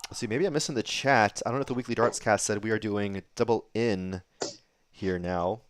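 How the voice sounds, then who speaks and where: A man doing live darts commentary, getting excited on big throws. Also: lowish voice, a little fast, a little hiss or hum. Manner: excitable, rises sharply on big moments.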